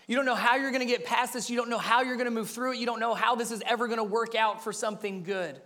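Male pastor, high-pitched, earnest emphatic sermon delivery with repeated phrases. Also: steady tone, fast talker, sharp tone. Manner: earnest, speaks directly to the listeners.

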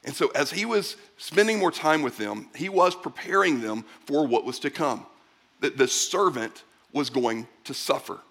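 A man's voice: medium pitch, normal speed, vocal fry. A middle-aged man preaching a sermon, talking casually to the congregation and acting out little exchanges in other voices. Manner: conversational, animated preaching with acted-out voices. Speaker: pastor.

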